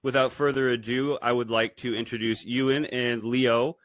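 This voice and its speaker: A man's voice: medium pitch, little pitch movement, normal speed, fairly bright tone, dry recording. A man co-hosting a podcast, speaking in a teasing, dry casual chat. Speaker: podcast co-host.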